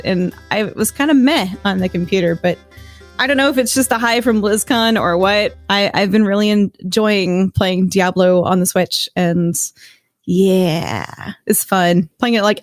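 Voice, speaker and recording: A woman on a casual podcast, stuffed up and tired from a cold, chatting in a joking, self-deprecating way. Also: medium pitch.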